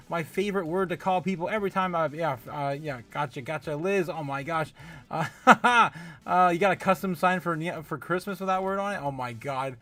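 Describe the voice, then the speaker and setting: A man's voice: high voice, a bit bright. A man hosting a casual livestream, greeting viewers by name, laughing often and rambling with lots of fillers. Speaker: livestream host. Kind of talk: casual livestream chat reading viewer comments.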